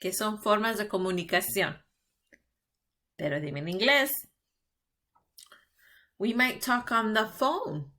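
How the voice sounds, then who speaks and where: Slow, patient bilingual teacher woman. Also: mid-range voice, animated, bright, forceful tone. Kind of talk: bilingual classroom lesson.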